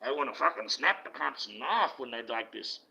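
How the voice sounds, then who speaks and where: A man's voice: medium pitch, lively intonation, moderate pace, gravelly, sharp tone. A man, a self-styled online preacher, delivering a blunt, profane, indignant rant. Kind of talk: ranting monologue. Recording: dull lo-fi recording.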